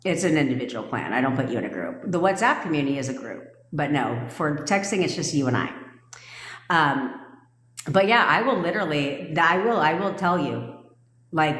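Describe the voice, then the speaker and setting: A low-voiced woman talks casually to her livestream viewers as their coach. She is blunt and swears freely, laughing often. Her voice rings in an echoey room with a long reverb tail. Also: lively intonation, a little fast, fairly bright tone. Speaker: manifestation coach.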